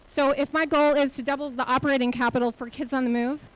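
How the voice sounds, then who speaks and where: On a conference hall stage, a high-voiced woman who runs a nonprofit gives a motivational keynote into the mic. She speaks earnestly at a quick, steady pace, peppering the crowd with rhetorical questions to urge commitment. The recording is rough.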